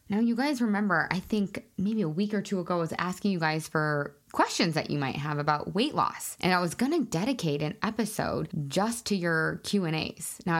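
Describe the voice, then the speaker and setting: A woman hosting her own podcast as a weight loss coach, chatting in a bubbly, excitable way full of fillers. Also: fairly low pitch. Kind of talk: casual solo podcast talk.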